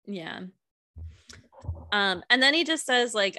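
A woman co-hosting a podcast, calmly recapping a TV episode and agreeing with short replies. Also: on the high side, takes it slowly, dry recording, studio quality. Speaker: podcast co-host. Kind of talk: casual chat recapping a TV episode.

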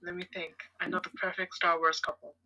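A woman's voice: on the low side, flat delivery, brisk, bright, forceful tone, low-quality recording. A woman co-hosting a podcast, teasing and laughing in casual chat. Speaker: podcast co-host.

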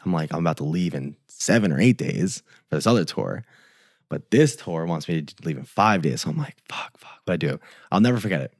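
This podcast guest, a young tour photographer, has a deep voice that swings widely in pitch as he tells a casual story at a fairly quick pace. He swears loosely and acts out the dialogue he quotes. The studio-quality recording carries no room sound.

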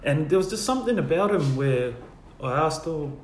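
A man shares church testimonies in a relaxed storytelling way and dips quietly into the voices of the people in his story. The room sounds echoey, with a faint hum of ambient noise behind him. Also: fairly high pitch, normal speed. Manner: storytelling, acts out quoted dialogue softly. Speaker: guest sharing testimonies. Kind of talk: casual church testimony chat.

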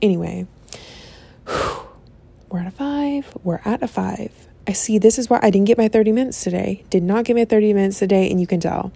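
A young woman telling a rant-style story as a vlogger, profane and animated, with laughing asides and exasperated outbursts. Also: medium pitch, a little fast, gravelly, breathy edge, no room sound. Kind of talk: ranting storytime.

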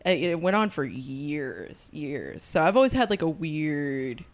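A woman's voice: low voice, big pitch swings, slow pace. A woman hosting a podcast, telling loose, jokey stories in casual chat. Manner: loose, jokey storytelling with frequent laughs. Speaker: podcast host.

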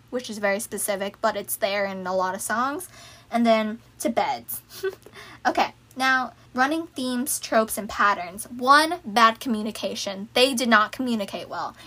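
A young woman talking through song lyrics in a casual, chatty way, reeling off lists and breaking into excited asides. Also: on the high side. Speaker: fan video creator. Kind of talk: casual lyric analysis talk.

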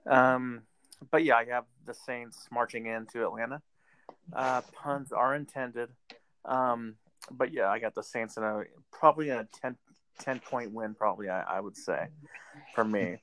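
A man's voice: mid-range voice, moderate pace, fairly bright tone, a little hiss or hum. A man hosting a casual sports chat, making game picks in a chatty way with sarcastic asides. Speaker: podcast host making football picks.

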